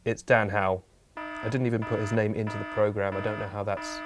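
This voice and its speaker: A man hosting a comedic YouTuber news show, delivering absurd jokes deadpan. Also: on the low side, a little fast, music in the background. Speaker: host.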